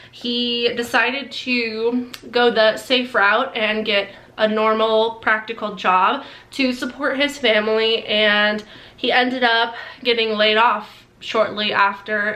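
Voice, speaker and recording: A chatty young woman vlogging while she does her makeup, her voice a little high and very bright. She scatters "like" through her sentences and giggles as she talks, in an echoey room. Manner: chatty, many "like" fillers, giggly. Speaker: beauty vlogger. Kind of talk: casual get-ready-with-me chat.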